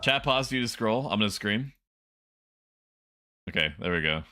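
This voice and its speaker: Young male game streamer, bright forceful tone, excitable, loud outbursts, faint music underneath. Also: lowish voice, moderate pace. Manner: animated, yells and laughs at the game. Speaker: VTuber streamer. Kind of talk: gaming livestream commentary.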